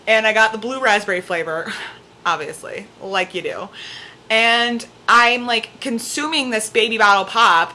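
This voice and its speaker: A young woman with a bright, clear-edged voice tells a story straight to camera from her home, with her cat on her lap. She talks casually and animatedly, and "like" turns up in nearly every sentence. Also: mid-range voice, moderate pace, a little hiss or hum. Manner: chatty, peppered with "like", animated retelling. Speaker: vlogger.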